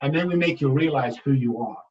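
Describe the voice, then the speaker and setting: A man speaking as a recovery expert guest on a podcast, telling stories in an energetic, emphatic way and addressing listeners directly. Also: medium pitch, brisk, distant mic, highs cut off. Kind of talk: animated podcast storytelling.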